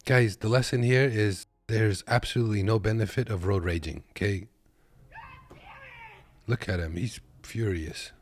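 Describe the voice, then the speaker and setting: A truck-driving man from Kazakhstan sits at his desk giving casual, jokey reactions and calls his viewers "boys." He speaks at normal speed with a lowish voice.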